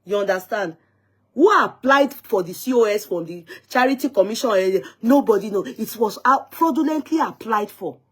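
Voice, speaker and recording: A woman's voice: mid-range voice, animated, moderate pace, breathy edge. Emphatic woman hosting a live talk show. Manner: emphatic, indignant, repeats herself. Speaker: host of an online talk show. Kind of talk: live-stream talk show, recounting a dispute.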